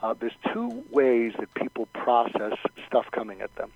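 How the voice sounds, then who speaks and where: Husky-voiced man explaining on a dry, dull radio line. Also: fairly even intonation, moderate pace, no room sound. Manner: explanatory, acts out sample lines in conversation. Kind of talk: radio talk show interview. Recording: dull low-fidelity radio sound.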